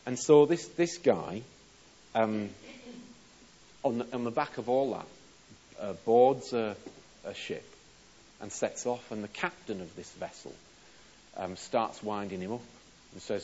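A man's voice: fairly low pitch, measured pace, long pauses. A man preaching a sermon, telling stories and acting out dialogue, his volume climbing as he plays each part. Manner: animated, acts out dialogue with rising volume. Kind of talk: sermon storytelling. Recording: slightly dull with faint hiss.

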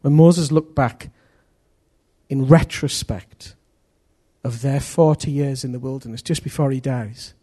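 A middle-aged man preaching a sermon in an animated way, acting out voices and swinging from loud to hushed. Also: medium pitch, a little slow, breathy edge.

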